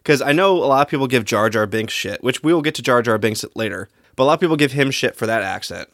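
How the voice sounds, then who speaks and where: A man's voice: mid-range voice, lively intonation, fast, a bit bright, dry recording, clean studio sound. A man co-hosting a casual movie podcast, sharing easygoing opinions. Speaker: podcast co-host.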